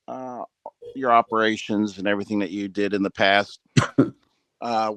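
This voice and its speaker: A man with a fairly low voice gives an earnest, rambling motivational talk to his team over a video call. He leans on fillers and restarts as he builds his points. The sound is dry and close, with no room around it. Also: fairly bright tone, clear, resonant tone, dry recording. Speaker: business leader addressing a team call. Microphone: headset with ear monitor.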